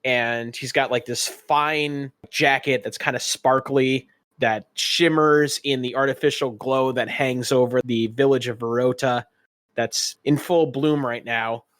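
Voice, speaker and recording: A man's voice: medium pitch, steady tone, a little slow, a bit bright, no echo, studio quality. A man narrating as game master of a tabletop game, describing scenes in a rambling way with many fillers.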